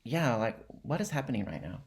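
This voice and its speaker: A man's voice: mid-range voice, big pitch swings, a little fast. A man voicing a confused, nonchalant schoolboy who asks hesitant questions. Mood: baffled. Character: baffled nonchalant schoolboy, son of a rock star.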